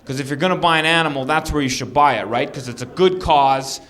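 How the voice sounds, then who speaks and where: A man performing a stand-up comedy set, telling animated stories and acting out shouting characters. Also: a little high, quick pace.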